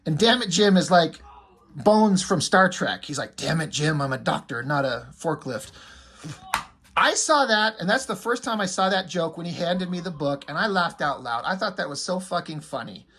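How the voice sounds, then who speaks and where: A man's voice: high voice, animated, moderate pace, a bit bright, a little hiss or hum. Crude joking man recapping a comic. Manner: crude, joking, swears freely. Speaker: comic reviewer.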